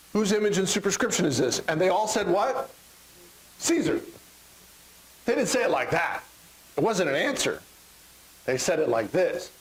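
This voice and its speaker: Middle-aged Texan man, pastor mid-sermon in church; animated, joking, does crowd voices, high and lively. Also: low-quality recording. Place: church sanctuary.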